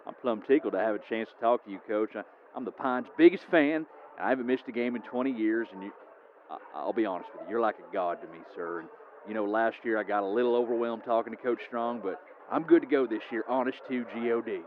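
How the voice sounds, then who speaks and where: A man's voice: on the low side, fast, close to an everyday voice. A man playing a nervous, over-eager small-town fan who stammers and giggles. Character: nervous, starstruck small-town male superfan. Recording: lo-fi phone-like audio with faint hiss.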